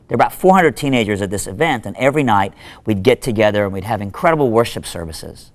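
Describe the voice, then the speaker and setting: A man, a minister, giving a short devotional talk in an animated, conversational storytelling manner with lively asides. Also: lowish voice, fast talker. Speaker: minister and speaker.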